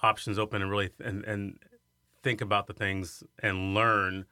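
Fifties male guest from Iowa, lowish voice with a bright edge, animated storyteller; dry sound. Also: moderate pace, smooth, no echo. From Iowa, USA. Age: 50s. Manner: animated storyteller who acts out quoted voices. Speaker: guest, singer and arts center director. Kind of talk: storytelling in an interview.

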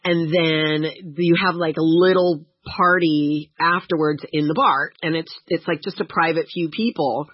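Brief: woman podcast co-host, lively storyteller, husky voice, dry dull sound. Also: sits low, unhurried, few pauses, dry recording. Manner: animated storyteller, laughs often, acts out quotes. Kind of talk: casual chat.

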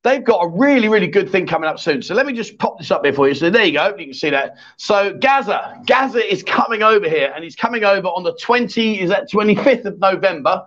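A man with a notably high voice hosts a loose live chat show, reading viewer messages and teasing his co-host. His banter is cheeky and full of laughter. The stream audio sounds dull and lo-fi. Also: animated, quick pace, hardly any pauses, a bit bright.

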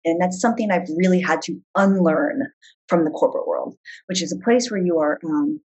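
A woman's voice: lowish voice, a little fast, a little mellow, breathy edge, rough recording. A woman who is a travel video creator, speaking with passion and enthusiasm as an interview guest. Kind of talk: casual interview chat.

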